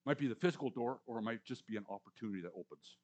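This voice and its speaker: A man in his sixties preaching a conversational sermon, repeating words for emphasis and swinging between loud and hushed lines. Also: medium pitch, racing. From Canadian or US prairies. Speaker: pastor.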